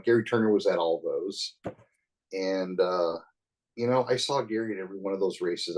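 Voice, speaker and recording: A man in his sixties with a lowish voice tells stories as a podcast guest. He talks in a loose, rambling way, dropping in "you know" and chuckling often. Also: darkish tone, rough recording. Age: 60s. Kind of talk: casual storytelling.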